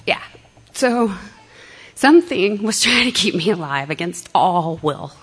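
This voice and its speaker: A woman's voice: on the low side, expressive, unhurried, husky. Blunt, self-mocking woman telling her story. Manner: blunt, self-mocking, swears freely, acts out quoted dialogue. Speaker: speaker sharing a recovery story. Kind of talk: candid storytelling talk.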